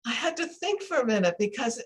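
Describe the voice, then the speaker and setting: An older woman, a speech coach, explaining pronunciation in a casual interview over a video call, slowing down to demonstrate sounds. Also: fairly high pitch, sing-song, a little hiss or hum, low-quality recording. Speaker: accent coach.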